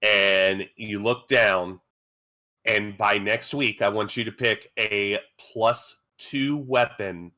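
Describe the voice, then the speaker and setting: A man running a tabletop game as game master, reading riddles slowly and deliberately. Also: on the low side, fairly even intonation, bright, forceful tone.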